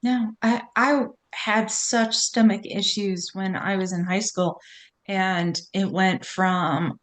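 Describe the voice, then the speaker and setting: A woman's voice: mid-range voice, fairly even intonation, slow pace. Blunt therapist woman in her forties. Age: 40s. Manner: blunt, frank, swears casually. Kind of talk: candid podcast conversation.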